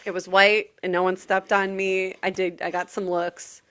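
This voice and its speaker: A woman's voice: mid-range voice, little pitch movement, normal speed, a bit bright, clean tone. A young adult woman co-hosting a casual podcast, telling festival stories with acted-out quotes and frequent laughter. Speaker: podcast co-host. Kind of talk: casual festival recap chat.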